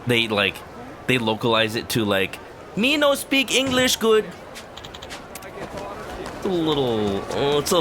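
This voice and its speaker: A man's voice: on the low side, noisy background. A male streamer giving casual, rambling, joking commentary over gameplay.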